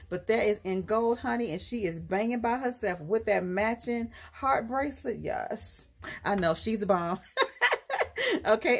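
A woman with a husky, slightly breathy voice at an ordinary pitch hosts her own live jewelry sales stream. She talks in a sassy, chatty way and keeps calling her viewers girl and honey. She laughs often as she runs through the pitch.

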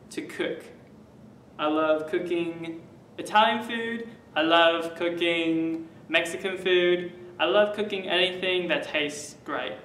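A young man puts on a muddled fake British-Australian accent, slow and high-pitched, full of ums and proud claims. He sits back from the mic in a roomy, echoing space with a faint hum behind. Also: a bit bright, recorded from a distance. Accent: fake British-Australian mix. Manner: listing facts with many ums and pauses, boastful.

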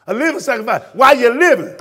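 A male pastor with a Southern US accent, preaching a fiery sermon that swings from shouted peaks to hushed drops. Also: extremely high pitch, sing-song, fast talker, breathy edge. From Florida, US.

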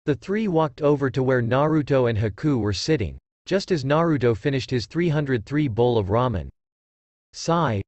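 A man narrating a fanfiction story aloud in a lively storytelling manner. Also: mid-range voice, moderate pace, no echo.

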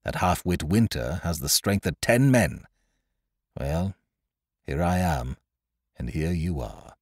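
A bitter, gruff sailor in chains speaks low, grim and quiet in a storybook as a man narrator puts him on. The voice drops very deep and soft. The sound is close and dry. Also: lively intonation, slow, dry recording, heavily acted.

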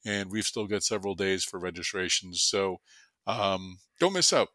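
A man's voice: low voice, normal speed, bright, forceful tone, dry recording. A man with a Boston accent hosting a podcast in an upbeat, casual way, with plenty of fillers. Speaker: podcast host.

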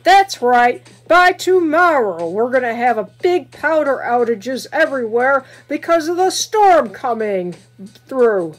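A woman's voice: high voice, very animated, unhurried, exaggerated voice. A woman voicing a news announcer in a homemade skit, reading out store news in a mock-formal way. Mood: solemn. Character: adult news announcer delivering bad news.

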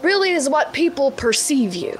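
A woman's voice: sits high, sing-song, normal speed, over a noisy crowd, poor audio. A woman doing a folksy Midwestern ghost-deity lady. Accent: American Midwestern. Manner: folksy, rambling, keeps calling people bud. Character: chatty dead woman turned cosmic patron deity. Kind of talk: tabletop role-play in character.

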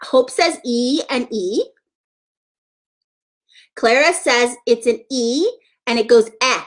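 A woman's voice: on the high side, slow pace. A woman teaching a live online letters-and-sounds lesson to young children, encouraging and sing-song as she praises each child by name.

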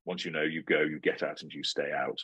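A middle-aged man speaks in a very low, husky voice. He answers interview questions in a measured, assertive way, laying out his points like a lecture. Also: steady tone, fairly bright tone. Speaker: interviewee giving advice.

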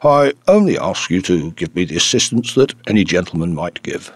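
A man's voice: low voice, big pitch swings, moderate pace, breathy edge, no room sound, heavily acted. A man voicing a stern, formal army colonel in an audiobook. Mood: firm. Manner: firm, formal. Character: stern military colonel, a father.

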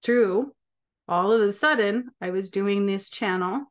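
A woman's voice: medium pitch, unhurried. A woman speaking casually and emphatically to camera as a spiritual healer, often checking in with her listeners. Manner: emphatic, with frequent rhetorical check-ins. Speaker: spiritual healer and channel host.

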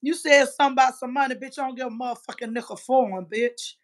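A woman in her fifties with a high-pitched voice, ranting on a livestream. She trash-talks in a combative, profane way, swinging between loud outbursts and muttered asides. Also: fairly even intonation, fast talker. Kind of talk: heated livestream rant.

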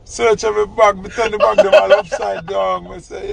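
A man with a Jamaican accent telling a funny story in casual chat, animated and laughing. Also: sits high, normal speed, vocal fry. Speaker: host.

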